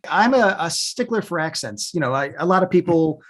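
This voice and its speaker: A man's voice: fairly high pitch, lively intonation, a little fast, fairly bright tone. A man interviewing an actor, asking long, chatty, rambling questions.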